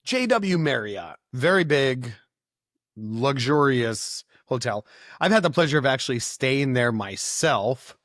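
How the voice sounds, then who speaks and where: A man's voice: mid-range voice, big pitch swings, slow pace, fairly bright tone, no room sound, studio quality. A man hosting a podcast, asking questions in an easygoing way and often chuckling and affirming. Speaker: podcast host. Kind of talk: casual interview.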